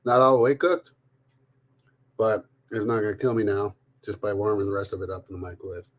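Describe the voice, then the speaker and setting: A man's voice: on the low side, steady tone, brisk. A middle-aged man from Canada, live-streaming while he cooks, chatting casually with viewers, greeting them by name and swearing freely. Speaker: livestreamer cooking while reading chat.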